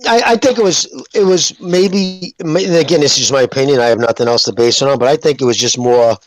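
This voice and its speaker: A man's voice: mid-range voice, fast talker, low-quality recording. A man in a casual boxing call-in chat, giving blunt opinions and swearing.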